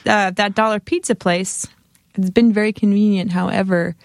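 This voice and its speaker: Casual woman guest, gravelly fry in her voice, dry close sound, chatty storyteller. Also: medium pitch, moderate pace, no room sound. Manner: storytelling, heavy use of "like", animated quoting. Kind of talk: casual chat.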